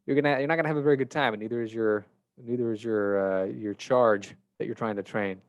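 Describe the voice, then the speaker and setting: A man hosting a podcast in a relaxed, chatty way, often laughing at his own jokes. His voice sits at a middle pitch and comes across dry and close, with no room sound around it. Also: fast talker, dry recording, dull audio. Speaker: podcast host. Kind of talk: casual interview chat.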